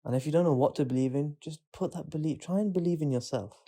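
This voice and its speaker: A man's voice: on the high side, fast talker, warm tone. A man co-hosting a podcast, talking in a laid-back, reflective way that trails off. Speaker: podcast co-host. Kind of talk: casual chat.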